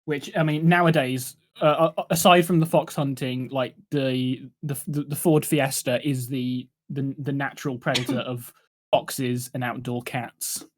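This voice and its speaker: A man's voice: medium pitch, flat delivery, a little slow, hardly any pauses. A man with a British accent, a guest on a casual stream, who stumbles and repeats words while making dry jokes. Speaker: guest content creator. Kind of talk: casual chat.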